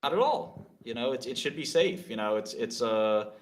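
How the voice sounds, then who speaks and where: A man's voice: mid-range voice, normal speed. A man in casual podcast chat, rambling with many fillers, swearing and laughing as he tells stories. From New York. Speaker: guest.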